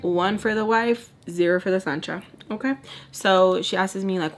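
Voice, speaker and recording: Woman doing a storytime vlog, super animated, does everyone's voices, cusses a lot, throws in spanish. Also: on the low side, normal speed. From Texas. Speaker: storytime vlogger. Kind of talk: casual storytime chat.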